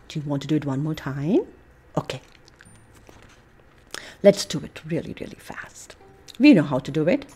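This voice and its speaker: Here the American preschool teacher's voice sits low, and she moves at a moderate pace with frequent pauses while faint music plays behind her. She reads a picture book and steers children through fun yoga poses, animated and coaxing, with gentle breathy asides.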